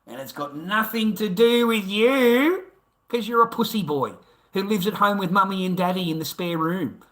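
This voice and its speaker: A man's voice: sits high, lively intonation, normal speed, a bit bright. An Australian man ranting on his livestream in a taunting, repetitive way, full of swearing. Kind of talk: profane livestream rant. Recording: roomy echo.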